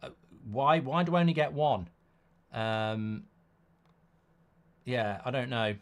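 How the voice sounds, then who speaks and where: A man's voice: mid-range voice, expressive, slow pace. Chatty man hosting a football watchalong. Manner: chatty, reads out viewer comments. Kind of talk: casual live-stream chat.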